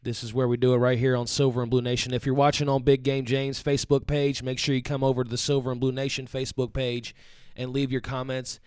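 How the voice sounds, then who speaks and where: A man co-hosting a live fan show, speaking in a measured, calm way and thanking viewers. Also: medium pitch, smooth, no room sound, clean studio sound. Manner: measured and calm, reads audience shoutouts. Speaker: co-host and producer.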